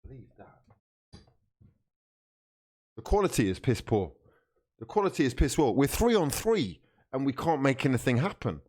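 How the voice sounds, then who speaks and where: Frustrated man shouting at football. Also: mid-range voice, very animated, normal speed, long pauses. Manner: frustrated, swearing, bursts of shouting at players. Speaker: football fan streamer. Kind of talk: live match watchalong reaction.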